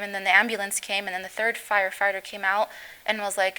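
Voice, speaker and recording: A middle-aged woman telling an interviewer about the day her son was hurt. Her bright voice stays on an even, flat pitch, and her sentences halt and break off as she tries to hold herself together. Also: clean tone, rough recording. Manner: halting, voice breaking as she recounts. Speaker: guest, mother of injured teen. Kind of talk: emotional recounting in interview.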